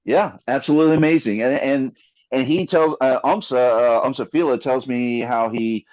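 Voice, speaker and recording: A man co-hosting a casual podcast, animated and joking, with lots of fillers. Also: medium pitch, normal speed. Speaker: podcast co-host. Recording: slightly dull lo-fi mic.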